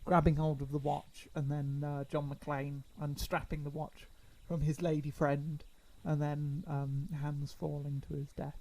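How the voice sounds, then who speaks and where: A man co-hosting a podcast, casual and wry, teasing his partner with quick quips. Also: on the high side, level tone, warm tone, rough recording. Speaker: podcast co-host.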